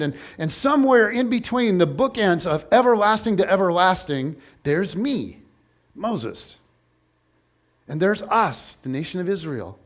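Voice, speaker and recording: Male pastor, sermon, higher-pitched voice, loose and conversational, lots of asides and restarts. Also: big pitch swings, moderate pace.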